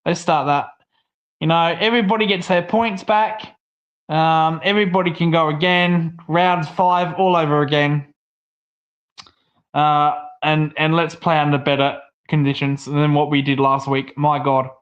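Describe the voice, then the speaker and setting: High-voiced swearing Australian bloke. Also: male voice, steady tone, measured pace, lo-fi sound. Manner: swears a lot, rants. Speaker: livestream co-host. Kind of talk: casual stream chat.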